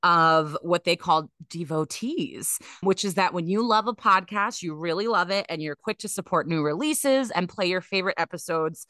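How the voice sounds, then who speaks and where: A woman's voice: fairly low pitch, expressive, moderate pace, few pauses, sharp tone, no echo, studio quality. A woman co-hosting a podcast in casual chat, chatty and laughing often, with many fillers. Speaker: podcast co-host. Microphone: podcast mic.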